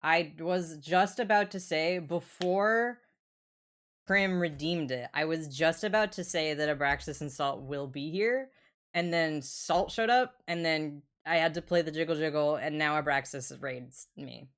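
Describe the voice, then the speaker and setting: A woman's voice: sits low, unhurried. A young woman streamer chatting casually with her viewers, joking and swearing. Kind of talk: casual livestream chat.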